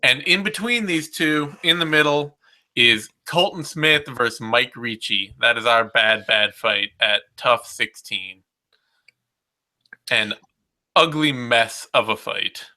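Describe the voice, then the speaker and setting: A man's voice: medium pitch, slow pace, bright, forceful tone. A man hosting a casual podcast chat, talking in a rambling, wry way and often restarting his sentences. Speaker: podcast host.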